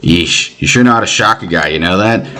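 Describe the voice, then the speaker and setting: A man voicing a gruff, blunt veteran fighter in a game read-through. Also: low voice, a little fast, sharp tone, voice pushed down.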